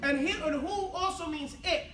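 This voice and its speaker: Higher-voiced man teaching a lively class. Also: normal speed, a little hiss or hum. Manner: call-and-response drilling, casual and joking. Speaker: Arabic teacher. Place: classroom with students. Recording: echoey room, distant mic, class audible.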